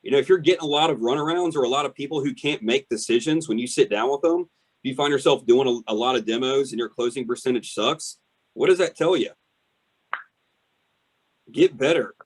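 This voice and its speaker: A man's voice: medium pitch, brisk, husky. A man coaching salespeople emphatically on a team call. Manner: emphatic, direct coaching with "y'all". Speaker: sales trainer.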